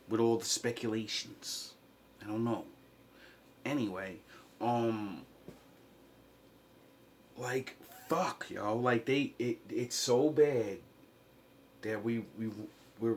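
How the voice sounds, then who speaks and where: A man in a rambling, impassioned vlog monologue, swinging from quiet mutters to loud outbursts. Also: on the low side, a little hiss or hum. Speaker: vlogger.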